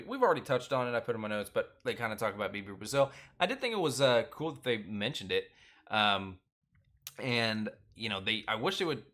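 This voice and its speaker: A man's voice: lowish voice, bright, forceful tone. A man hosting his own recap show, talking loosely with lots of filler words and strong opinions. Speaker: host of a reality TV recap channel. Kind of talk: casual episode recap chat.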